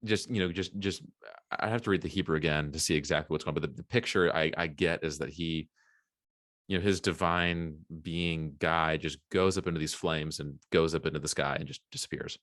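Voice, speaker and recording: Deep-voiced man retelling a story. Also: brisk, no room sound, clean studio sound. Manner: animated retelling with acted-out quotes. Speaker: podcast co-host. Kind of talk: casual Bible discussion.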